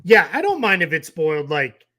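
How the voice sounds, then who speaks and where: A man's voice: on the high side, sing-song, normal speed, pushed and bright. A tired man with a Boston accent, co-hosting a casual sports podcast and rambling through his points. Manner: chatty, rambling with restarts. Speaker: co-host.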